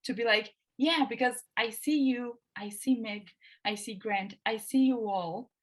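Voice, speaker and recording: A woman interviewer with a Brazilian Portuguese accent, native speaker of Portuguese, talking over a video call in an eager, halting way with many restarts. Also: on the high side.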